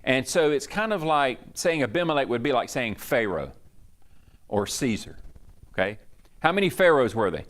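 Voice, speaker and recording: A man's voice: mid-range voice, very animated, moderate pace, fairly bright tone. A man, a pastor teaching a Bible study in a chatty, digressive way in a church. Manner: chatty, digressive, acts out quoted speech.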